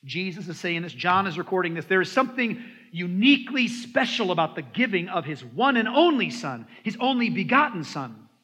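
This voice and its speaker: A man preaches from the pulpit with emphatic swings between loud and soft, slowing on his key lines. His voice is a bit higher than usual for a man, bright and forceful. A long reverb hangs behind him, as in a church sanctuary. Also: sing-song, slightly rough. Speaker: pastor. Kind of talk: sermon. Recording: echoey hall with long reverb.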